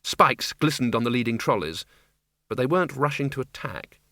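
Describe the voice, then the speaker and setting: A man reading a novel aloud as an audiobook narrator with measured, dry storytelling. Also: mid-range voice, lively intonation, pushed and bright, dry recording.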